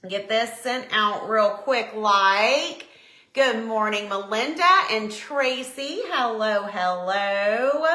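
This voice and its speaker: A middle-aged woman from Tennessee with a Southern accent, chatting casually and warmly greeting viewers by name on her live stream. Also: a little high. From Tennessee, USA. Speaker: decor business owner hosting a live stream. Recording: echoey room.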